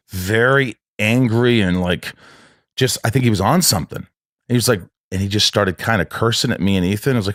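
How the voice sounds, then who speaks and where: A man telling a long personal story in casual conversation, halting and restarting often. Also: mid-range voice, animated, no echo, studio quality. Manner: rambling, halting, with many restarts.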